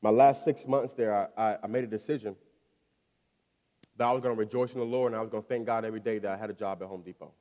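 A man's voice: fairly even intonation, fast talker, mellow. Preaching man in a reverberant hall. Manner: storytelling, repeats words, rises in pitch and volume when preaching. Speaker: pastor. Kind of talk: sermon. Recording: long reverb of a large hall.

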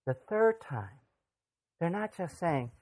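Pastor, mid-pitched voice, relaxed sermon delivery, talks to the room with lots of rhetorical questions. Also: slow pace. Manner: conversational, asks the audience rhetorical questions.

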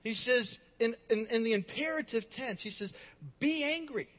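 Male pastor, high-pitched, dynamic preaching style, long hall reverb. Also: moderate pace. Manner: dynamic preaching, swinging between loud emphasis and soft hushed lines. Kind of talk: sermon.

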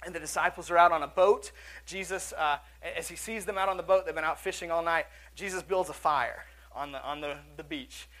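A man's voice: fairly high pitch, fairly quick, fairly bright tone. A male pastor preaching a sermon in a church auditorium, earnest and conversational, with asides and restarts.

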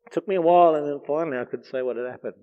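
A man's voice: a little high, very fast. A man preaching a heartfelt, earnest sermon. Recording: dull lo-fi recording.

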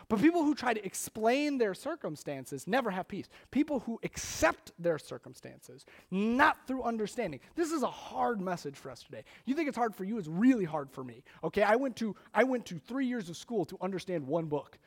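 A male pastor delivers a casual, animated sermon in a high voice. A gravelly fry runs through his words, and he often restarts his phrases mid-thought. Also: a little fast. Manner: conversational and animated, with frequent restarts.

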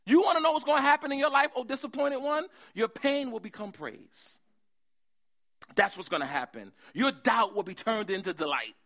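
A man's voice: very high-pitched, expressive, moderate pace, fairly bright tone, pitched above the performer's own voice. A man voicing God's messenger, consoling at first and building to emphatic promises. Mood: rousing. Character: God's messenger, comforting and rousing.

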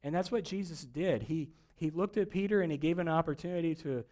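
A man preaching a sermon, telling a story with acted-out dialogue and swings between loud emphasis and quiet moments. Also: a little high, brisk. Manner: storytelling preacher, acts out dialogue, rising and falling intensity. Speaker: pastor.

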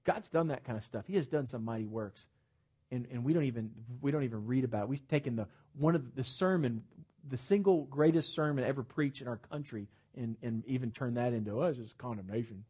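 A man preaching a sermon to his congregation, emphatic and animated, with joking asides and repeated words at the starts of phrases. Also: medium pitch, a little fast, husky. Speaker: pastor. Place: church sanctuary with congregation.

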